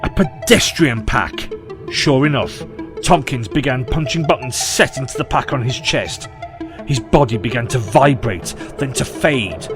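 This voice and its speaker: A man narrating an audio short story in a measured, expressive way. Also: medium pitch, over music.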